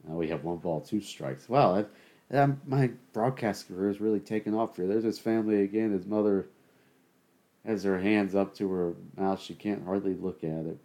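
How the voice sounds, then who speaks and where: A man's voice: sits low, vocal fry, dark tone. A man hosting a solo podcast, ranting sarcastically and doing joking play-by-play while watching a game. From suburban Southern US. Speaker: podcast host. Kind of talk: ranting solo commentary over a game broadcast.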